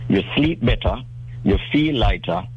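A man's voice: fairly low pitch, lively intonation, measured pace, breathy edge, muffled recording. A man talking about credit as a guest on a radio talk show, emphatic and salesman-like, often repeating his words.

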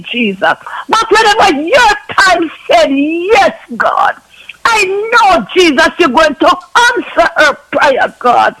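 A man's voice: extremely high pitch, pushed and bright, poor audio. A man ministering in an impassioned spoken prayer for someone, ending nearly every phrase with a call to God. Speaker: minister praying for a caller.

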